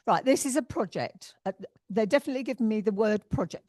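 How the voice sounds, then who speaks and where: A woman's voice: fairly high pitch, lively intonation, quick pace, a little mellow, no echo, clean studio sound. An English woman working as a spiritualist medium at a church service, chatty and affectionate, calling people darling and my lovely. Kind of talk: giving spirit messages at a service.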